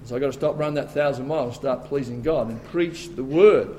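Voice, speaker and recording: A man with an Australian accent preaching a sermon, quoting scripture and rising to forceful, emphatic bursts. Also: medium pitch, quick pace, slight background noise.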